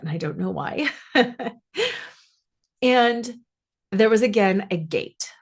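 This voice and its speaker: A woman life coach and podcast host telling a personal story in an earnest, musing way, stretching some phrases. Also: mid-range voice.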